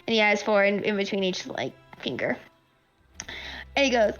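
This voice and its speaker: A woman narrating as game master of a tabletop game, rambling with lots of fillers and quick to laugh. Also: mid-range voice, very animated, faint music behind, rough recording.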